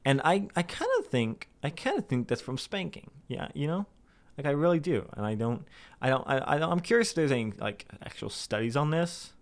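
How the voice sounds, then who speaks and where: A man's voice: sing-song, a little fast. A young man talking candidly to his viewers, rambling and self-deprecating, with many restarts and some swearing. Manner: puts on anxious inner voices in a sudden high pitch. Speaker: vlogger. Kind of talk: candid personal monologue to camera.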